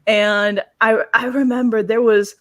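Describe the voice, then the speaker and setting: A young woman from South Florida in a casual panel discussion, telling lively stories and acting out quoted exchanges. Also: fairly high pitch, a little slow. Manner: animated storyteller, acts out quoted exchanges.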